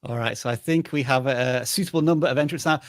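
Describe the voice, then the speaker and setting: A man's voice: mid-range voice, fast, no echo, clean studio sound. A man co-hosting a live stream in casual chat, playful and thinking aloud. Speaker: livestream co-host.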